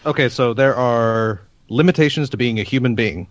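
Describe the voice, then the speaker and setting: A man's voice: medium pitch, moderate pace, no echo. A man co-hosting a podcast who teases and argues wryly. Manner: wry, argumentative, teasing. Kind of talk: casual podcast chat. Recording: dry, dull lo-fi audio.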